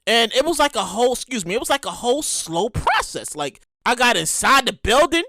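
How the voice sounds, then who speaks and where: A woman with a New York accent hosting a podcast, telling stories in a casual, animated, profane way with exaggerated reenactments. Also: fairly high pitch, a little fast, no echo. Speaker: podcast host. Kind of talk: casual storytelling monologue.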